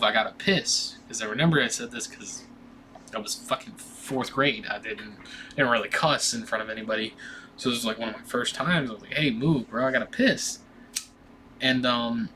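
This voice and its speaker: Young male vlogger, bright forward tone, loose profane storytelling, faint ambient hiss. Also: medium pitch. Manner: rambling, profane, with many restarts and fillers. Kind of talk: casual storytime.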